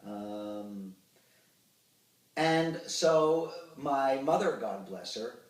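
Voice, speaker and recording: A man's voice: mid-range voice, drawn-out words. Older man, roomy and distant. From Ottawa, Canada. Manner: anecdotal, expressive storyteller with hesitant fillers. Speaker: actor and puppeteer, interview guest. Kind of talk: reminiscing interview. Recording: roomy sound, distant from the mic.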